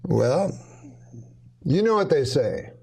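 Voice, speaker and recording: A man's voice: on the high side, sing-song, slow pace, gravelly, warm tone, slightly rough. A male co-host trading sardonic, playfully obtuse banter on a comedy show.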